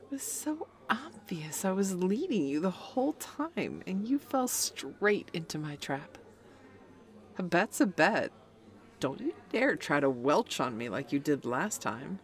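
A woman's voice: on the low side, big pitch swings, a little slow. A young woman voicing a cocky, taunting female best friend in an audio role-play, talking in a smug, playful way.

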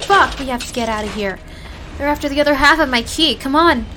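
A woman's voice: high-pitched, fairly quick, noisy background, lightly acted. A young woman voicing a feisty hacker girlfriend with an elf avatar, swearing and bantering with laughs in a listener-addressed audio role-play. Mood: urgent, frantic. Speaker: voice actor.

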